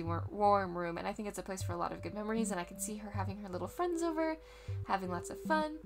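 Chatty, gravelly-voiced woman. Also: a little high. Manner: chatty and rambling, often correcting herself. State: tired. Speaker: video creator narrating her own home build. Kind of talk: casual voice-over commentary.

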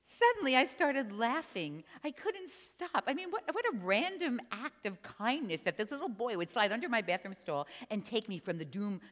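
An older woman from New Jersey telling a funny story on stage, chatty and teasing her audience. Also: mid-range voice. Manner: animated, chatty, teases the audience. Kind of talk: humorous live storytelling. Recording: long hall reverb.

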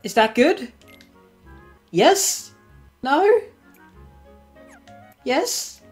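A woman hosting a let's play, commenting on the game in an excitable way and laughing often. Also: sits high, very slow, soft background music. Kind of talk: gameplay commentary.

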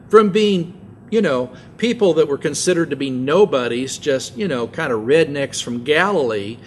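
An older man preaching a sermon as pastor, telling stories in a relaxed conversational way with asides. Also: fairly high pitch, slight background noise.

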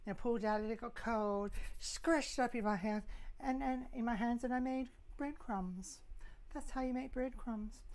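A woman's voice: a little high, moderate pace, a little mellow. Chatty jokey woman streaming live. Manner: chatty, jokey, self-mocking. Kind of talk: casual live-stream cooking chat. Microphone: clip mic, sometimes moved.

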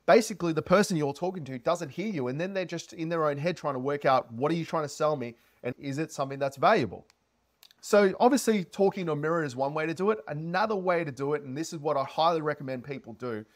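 Guy giving sales tips to camera, lots of inflection, upbeat, slightly high voice. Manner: animated, heavy inflection, energetic. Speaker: sales coach. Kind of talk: casual advice talk to camera.

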